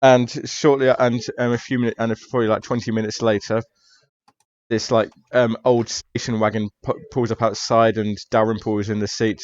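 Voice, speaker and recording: A man's voice: lowish voice, level tone, moderate pace, no room sound, dull audio. A man running a tabletop mystery game as game master, narrating hesitantly with many fillers.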